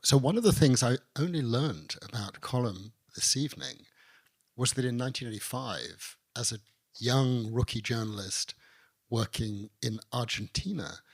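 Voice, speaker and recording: Gravelly-voiced male interviewer. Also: medium pitch. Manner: measured, hesitant questioning. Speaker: interviewer, barrister and author. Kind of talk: onstage interview. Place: arts venue, live audience.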